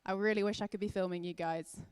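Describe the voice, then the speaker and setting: A woman's voice: medium pitch, fairly even intonation, fast talker, smooth, no room sound, clean studio sound. A young woman hosting a children's church session online, chatty and upbeat with a slightly scattered delivery.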